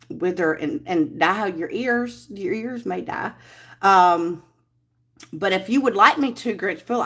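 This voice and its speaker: Middle-aged woman, live-stream host, unhurried, slightly low voice, chatty, rambling, greets viewers by name. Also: bright, forceful tone. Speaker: livestream host. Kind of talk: casual live-stream chat.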